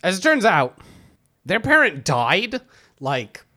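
Man with a slightly high voice, storytelling. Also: wildly swooping pitch, slow pace, pushed and bright. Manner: retells the story animatedly, acting out quotes. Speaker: podcast co-host. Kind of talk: casual chat recapping a game.

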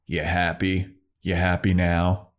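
A man's voice: sits low, monotone, slow. Riley, as a man plays a curt soldier. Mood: cold. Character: cold, curt young male soldier.

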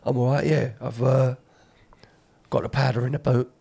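A man's voice: medium pitch, flat delivery, normal speed, gravelly, a crowd in the background, close to an everyday voice. A man playing a cocky, pushy gangster drug dealer in a jokey improvised scene. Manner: swaggering, laddish improv banter.

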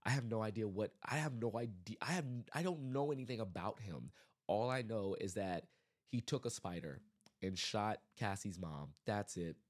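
A man hosting his own podcast, giving a casual, animated movie review full of exasperated rants and restarts. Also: on the low side, normal speed. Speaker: podcast host.

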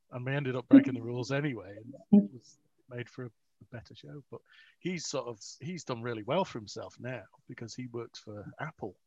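A man's voice: medium pitch, normal speed, darkish tone, slightly rough. A man, an author, telling rambling, self-mocking stories with frequent laughs in a casual interview. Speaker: author, guest. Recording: dry, dull lo-fi audio.

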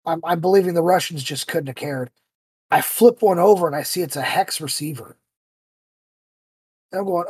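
A man hosting a podcast, telling stories in a casual, animated way and acting out the voices he quotes. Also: a little high, normal speed, long pauses, husky, no room sound. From United States. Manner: animated storyteller who acts out quoted voices. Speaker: podcast host.

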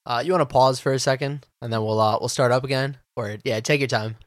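Relaxed podcast host on a dry mic. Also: male voice, medium pitch, fast, dry recording. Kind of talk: casual chat.

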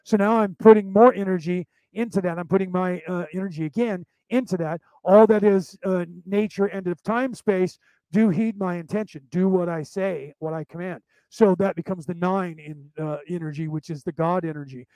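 A man's voice: high-pitched, moderate pace, mellow, no echo, low-quality recording. A man from Ireland with an American accent, teaching a class in a rambling way, repeating himself and restarting as he explains step by step. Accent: American English. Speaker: spiritual teacher. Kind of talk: casual lecture.

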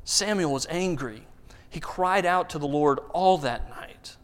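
A man with a fairly high voice delivers a sermon, retelling scripture and a personal anecdote. He talks in an animated way, often doubling words as he builds to a point. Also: measured pace. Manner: animated storyteller, rises loud and high for emphasis, repeats words. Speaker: pastor.

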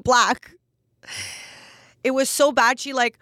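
A young woman, host of a casual podcast, talks fast and candidly with a fairly high voice. She leans on filler words as she tells her stories, and the sound is dry and close, with no room around it. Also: a bit bright, no echo. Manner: chatty, candid, quick, full of "like" fillers. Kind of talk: casual storytelling chat.

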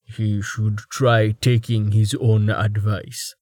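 A big, stern male craftsman from a fantasy audiobook, as a man puts him on, rumbling each word out slowly and deliberately. The voice is a touch lower than the narrator's own, and the recording is dry and close. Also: little pitch movement, darkish tone, no room sound.

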